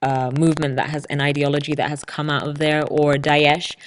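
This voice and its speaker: Low-voiced woman hosting a solo podcast. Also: little pitch movement, brisk, a little hiss or hum, poor audio. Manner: explanatory, lecture-like, with dry ironic asides. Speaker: podcast host. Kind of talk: solo podcast talk from prepared notes.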